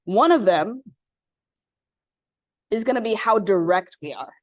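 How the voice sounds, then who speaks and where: A woman leading an interactive communication workshop for a live group, acting out example lines with lively emphasis. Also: mid-range voice, measured pace. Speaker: workshop facilitator. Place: room with live audience. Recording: echoey room.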